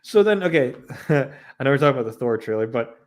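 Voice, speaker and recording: An excitable man hosting a casual podcast, laughing often as he talks and swearing freely. His voice sits in an ordinary middle pitch. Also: a little fast. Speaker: podcast host.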